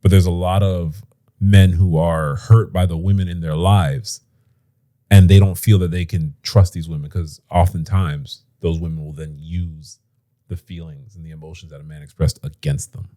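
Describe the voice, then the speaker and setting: A man's voice: sits low, steady tone, normal speed, mellow. A man co-hosting a podcast from home, talking casually and animatedly, dropping slang and mimicking voices. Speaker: podcast co-host. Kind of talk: casual chat. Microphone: podcast mic.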